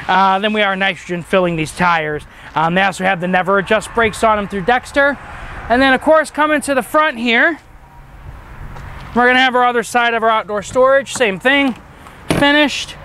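Upbeat high-voiced RV salesman outdoors. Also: pushed and bright, a little hiss or hum. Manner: upbeat, chatty, with fillers. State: has the hiccups. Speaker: RV dealership salesman. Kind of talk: walkaround product tour. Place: outdoors at an RV dealership lot.

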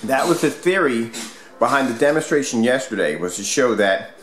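A man's voice: medium pitch, lively intonation, normal speed, a bit bright. A man casually demonstrating a product at home, rambling with many fillers and restarts. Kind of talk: casual product demo vlog. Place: home room with squeaky floors.

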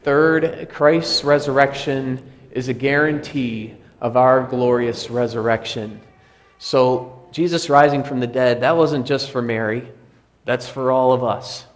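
A pastor giving a sermon in a church, speaking conversationally and repeating key phrases for emphasis. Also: male voice, mid-range voice, fairly even intonation, unhurried. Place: church sanctuary.

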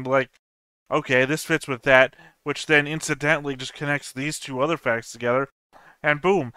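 A man's voice: mid-range voice, pushed and bright, smooth. A man hosting an anime reaction channel, thinking aloud as he puzzles over the plot in casual solo commentary.

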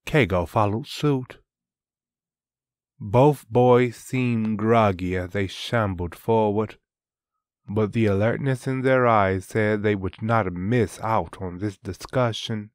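A man narrating a fantasy novel at an unhurried pace, measured and even. His voice is on the low side and recorded dry and close. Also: dry recording. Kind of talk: audiobook narration.

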